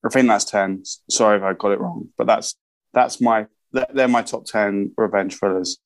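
A man's voice: on the low side, fairly even intonation, moderate pace. A man, co-hosting a film podcast in casual, enthusiastic chat. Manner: enthusiastic, laughs often. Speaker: podcast co-host.

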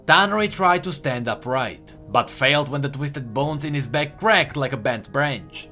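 A man narrating a dark fantasy story in a dramatic, expressive reading. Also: mid-range voice, normal speed, faint music behind. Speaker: lore narrator.

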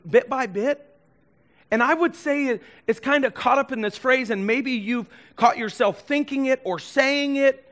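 A man with a notably high voice preaches a sermon as the pastor. He retells the story with animated energy and slips into the characters' voices as he goes.

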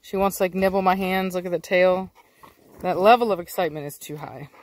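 A woman's voice: fairly low pitch, a little fast. Chatty woman vlogging in a dog yard. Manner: chatty and explanatory, switching to coaxing baby talk and sharp commands to dogs. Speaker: dog breeder and channel host. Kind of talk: casual vlog commentary.

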